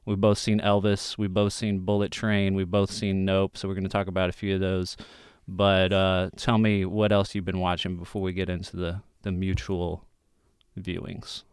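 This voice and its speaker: A man's voice: low voice, level tone, normal speed, smooth, dry recording, studio quality. A man hosting a podcast in casual chat, easygoing, laughing often and using many fillers. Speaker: podcast host.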